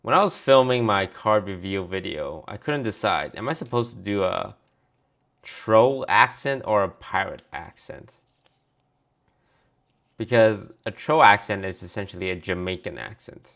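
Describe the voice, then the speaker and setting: A man's voice: on the low side, expressive, measured pace, gravelly, fairly bright tone. A man streaming a card review in casual commentary, reading card text aloud and answering viewers offhandedly.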